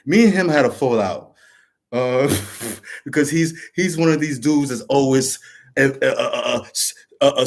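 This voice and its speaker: A man talking straight to camera in a passionate, rambling way, swearing often and restarting his sentences. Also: medium pitch. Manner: restarts and repeats words. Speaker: show host. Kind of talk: casual monologue to camera.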